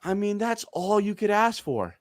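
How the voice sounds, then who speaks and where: A man in his thirties hosting a casual sports chat, excitable and animated, breaking into quick bursts of excitement. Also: sits high, no echo, studio quality. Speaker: podcast host.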